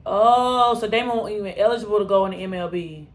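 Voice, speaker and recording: A woman in casual reaction commentary on a TV episode, animated and exasperated, talking back to the characters, with features. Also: medium pitch, fast talker. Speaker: TV reaction reviewer.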